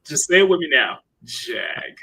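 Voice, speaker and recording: A man's voice: mid-range voice, normal speed, pushed and bright, breathy edge. A man hosting a casual livestream chat, laughing often and reading out chat messages. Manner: chatty, laughs often, reads chat aloud. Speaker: livestream host.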